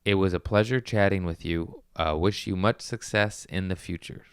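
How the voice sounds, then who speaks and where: A man hosts a loose comedy podcast, talking in a lowish, clean and smooth voice. He rambles through profane stories and keeps jumping into excited bursts. The sound is dry and close, with no room around it. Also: moderate pace, no room sound. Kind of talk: casual podcast chat.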